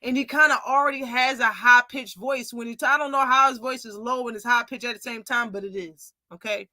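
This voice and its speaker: Hosting a laid-back live commentary show, this young woman is animated and full of opinions, performing quoted lines as she relays them. She speaks a little high and a little fast, with no room sound.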